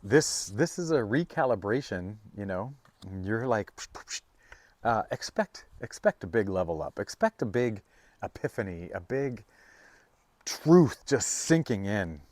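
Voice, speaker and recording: A man giving a casual, rambling tarot reading, full of fillers and restarts, now and then breaking into high, playful bursts. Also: sing-song, unhurried, a little mellow, no echo. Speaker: tarot reader.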